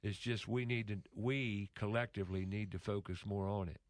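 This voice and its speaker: A man's voice: lowish voice, steady tone, moderate pace, no echo, clean studio sound. A man speaking in a casual conversation, telling an emotional story earnestly with frequent restarts.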